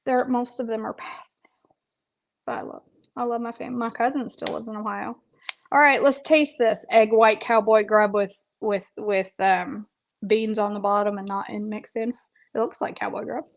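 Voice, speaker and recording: A woman's voice: fairly high pitch, steady tone, moderate pace, vocal fry, background noise. A woman health coach chatting playfully while she eats on a casual livestream, with self-deprecating jokes. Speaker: health coach and vlog host.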